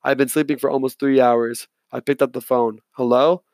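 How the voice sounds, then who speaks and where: A man narrating a novel in the first person, reading in a measured, quiet way. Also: medium pitch, flat delivery, creaky, dry recording. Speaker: audiobook narrator.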